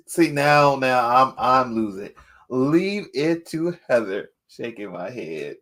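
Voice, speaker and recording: A man's voice: mid-range voice, sing-song, slow pace, a bit bright. A man hosting a writing sprint livestream, chatting casually and playfully, laughing often and reading the chat aloud. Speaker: livestream host.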